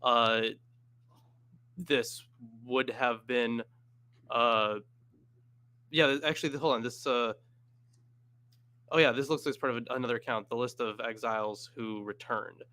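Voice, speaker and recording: A man's voice: medium pitch, unhurried, pauses often, sharp tone. A man on a discussion panel, thinking aloud and hesitating while he looks up references. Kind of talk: casual discussion.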